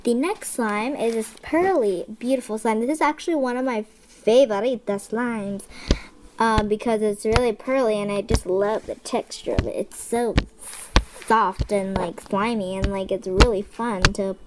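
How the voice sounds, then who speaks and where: Woman, high-pitched, playful, rambling, show-and-tell vlog, background noise. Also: a little slow. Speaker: slime collection vlogger. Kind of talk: casual chatty show-and-tell. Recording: noisy home recording.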